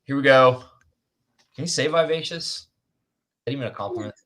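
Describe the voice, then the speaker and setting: A man's voice: mid-range voice, brisk, a bit bright. A man hosting a casual live-stream chat, rambling and self-conscious, laughing often and restarting his sentences. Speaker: host.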